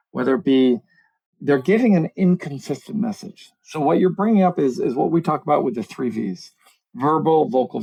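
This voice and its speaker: This is a conversational podcast interview held over video call, with a middle-aged communications coach as the guest. He speaks at a medium pitch in a creaky voice with a breathy edge, and the recording is rough. His delivery is animated and explanatory, and he often makes light of himself.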